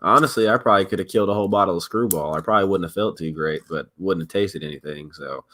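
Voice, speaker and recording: Deep-voiced young man rambling. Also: fast, bright, forceful tone. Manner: rambling, many fillers and restarts. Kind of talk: casual livestream chat.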